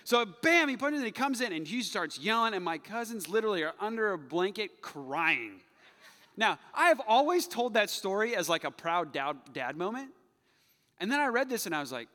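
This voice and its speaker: Man, pastor, sermon, animated and jokey, bright voice, long hall reverb. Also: sits high, a little slow, long pauses. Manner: animated and jokey, swinging from loud hype to hushed calm.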